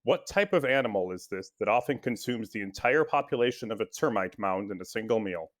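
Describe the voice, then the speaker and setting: Low-voiced man reading trivia questions. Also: animated, fairly quick. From Minneapolis area, US. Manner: easygoing, reads questions carefully. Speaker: guest quiz host. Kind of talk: podcast trivia hosting.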